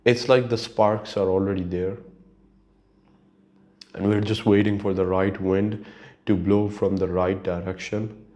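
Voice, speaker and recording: A man's voice: low voice, steady tone, measured pace, pauses often, darkish tone, a little hiss or hum. A man hosting his own podcast, talking alone in a rambling, profane, casual way and laughing at his own stories. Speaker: podcast host. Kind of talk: casual solo monologue.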